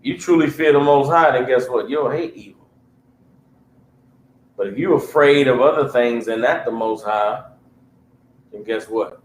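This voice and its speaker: A man's voice: medium pitch, unhurried, pauses often. A man teaching a livestreamed Bible class in a blunt, emphatic preaching style. He keeps asking his listeners whether they understand. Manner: blunt street-level talk. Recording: roomy echo with faint hum.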